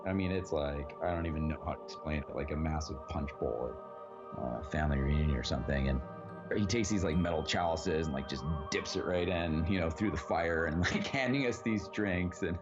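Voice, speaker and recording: A man with a very low voice tells a story in a loose, rambling way, full of fillers and casual swearing. The recording sounds dull and a bit lo-fi. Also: a little fast, music in the background. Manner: rambling, lots of "like" and "you know", swears freely. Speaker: actor guest.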